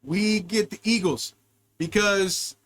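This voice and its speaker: His voice sits high and fairly bright, and he speaks slowly. He's an American podcast host telling vulgar, wandering comedy stories full of wild digressions.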